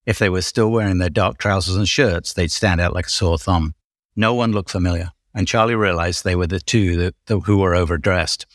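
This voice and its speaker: A man's voice: sits low, a little fast, dry recording, studio quality. A man hosting a podcast, casually reading his own novel aloud, often stumbling and breaking into laughter. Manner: giggly, stumbling reader. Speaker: podcast host.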